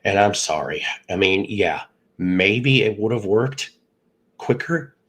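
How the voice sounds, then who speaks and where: A middle-aged streamer with a stuffy, ill-sounding voice hosts a laid-back chat, joking, rambling, and calling out viewers by name. His pitch is fairly low and a bit bright, his delivery unhurried and lively in intonation, with a husky texture. The recording quality is rough.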